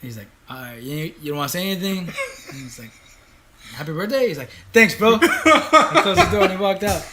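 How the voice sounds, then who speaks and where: Slangy animated young man storyteller. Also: high voice, fairly quick. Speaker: podcast co-host. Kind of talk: casual chat, storytelling.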